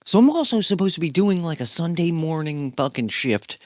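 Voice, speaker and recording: A man's voice: on the high side, sing-song, brisk, dry recording. A man telling a rambling, profanity-filled anecdote in casual chat.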